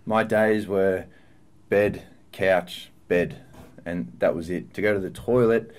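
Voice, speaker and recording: Man, 30s, pro footballer guest: lowish voice, candid, thoughtful, halting. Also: fairly even intonation. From Australia. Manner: earnest, reflective, with frequent fillers and restarts. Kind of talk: candid podcast interview.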